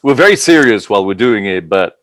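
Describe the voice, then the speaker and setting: A man's voice: fairly low pitch, very animated, a little fast, a bit bright, dry recording. A man chatting on a video call with friends, laughing often and swooping up when amused. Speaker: panelist. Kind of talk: casual group chat on a video call.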